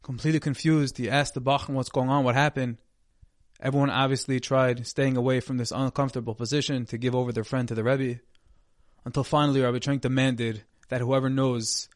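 Man, mid-pitched, earnest sermon storyteller, dry close mic. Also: no room sound. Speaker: speaker giving a Torah talk.

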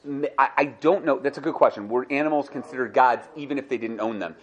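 A young man giving a lively Torah class. He acts out the people he quotes and thinks out loud as he goes. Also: fast talker. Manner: animated, acts out quoted speakers with rising pitch; thinks aloud, repeats and restarts. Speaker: Torah teacher.

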